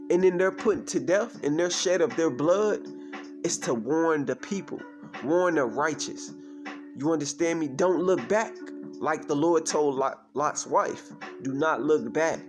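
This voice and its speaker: A man teaching from scripture, reading verses aloud and explaining them, often asking "you understand me?". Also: fairly high pitch. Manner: repeats "you understand me?" as a refrain. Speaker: preacher.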